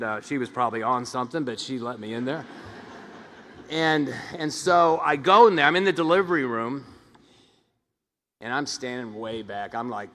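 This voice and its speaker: A middle-aged man giving a commencement speech as a hospital administrator, telling stories and acting out the voices of the people in them, with frequent restarts. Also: mid-range voice. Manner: animated storyteller who acts out quoted voices, frequent restarts. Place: large ceremony hall. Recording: long reverb of a large hall.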